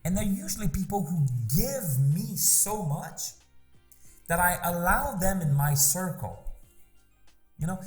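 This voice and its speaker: A man's voice: sits high, animated, a little slow, long pauses, faint music behind. Emphatic man giving motivational talk. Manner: emphatic, repeats rhetorical questions. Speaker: business mentor.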